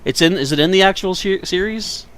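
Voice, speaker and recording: A man's voice: high-pitched, brisk, a bit bright. A man giving casual, rambling commentary while live streaming a video game and chatting with viewers, sounding tired. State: tired, yawning.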